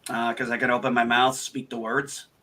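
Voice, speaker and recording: A man hosting a casual livestream chat, telling animated stories with lots of swearing and acting out his own retorts. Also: medium pitch, normal speed. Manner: animated, swearing storyteller, acts out quoted retorts. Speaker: host.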